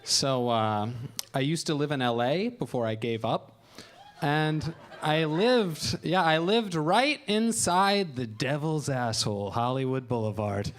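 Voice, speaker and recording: A man performing stand-up into a handheld mic on a club stage, his voice sitting a bit higher than most men's. He tells wry, self-deprecating stories and jumps into raised voices when he acts out other people. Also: measured pace. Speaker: stand-up comedian. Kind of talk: stand-up comedy set.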